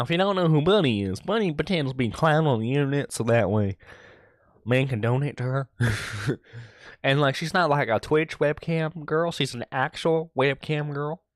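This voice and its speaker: A man's voice: medium pitch, no room sound. Gossiping male streamer, dry sound. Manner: gossipy, laughing, reads tweets aloud. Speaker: internet radio host. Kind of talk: casual stream commentary.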